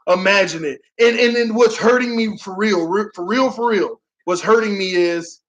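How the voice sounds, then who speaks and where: High-voiced excitable man streaming football reactions. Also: moderate pace, rough recording. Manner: excitable, slangy, dramatic groaning and laughing.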